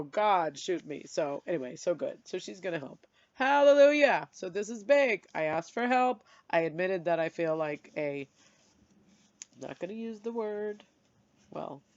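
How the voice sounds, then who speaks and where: A middle-aged woman venting candidly in a personal vlog, tearful and self-deprecating, with sudden high-pitched outbursts. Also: darkish tone, no room sound. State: tearful, blowing her nose. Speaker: vlogger. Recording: dry, dull lo-fi sound.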